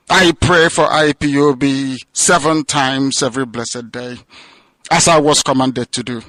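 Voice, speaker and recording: A man's voice: mid-range voice, a little slow, pushed and bright, no echo, low-quality recording. A man delivering an impassioned radio address, declamatory and building to fervent crescendos. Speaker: radio broadcaster. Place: prison release, speaking from abroad.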